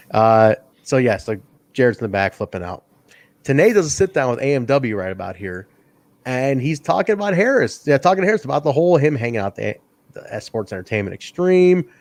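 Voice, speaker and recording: Excitable podcast guy, laughs a lot, voice jumps all over. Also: mid-range voice, creaky, no room sound. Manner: excitable, laughs often, acts out quotes. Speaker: podcast host. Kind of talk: casual wrestling review chat.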